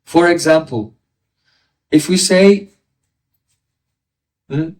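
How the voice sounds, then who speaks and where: Male spiritual teacher, fairly high voice, caught by a distant mic, teaching a class with homely examples. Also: very slow, darkish tone. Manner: explains with everyday examples, asks listeners "right?". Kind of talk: devotional class lecture.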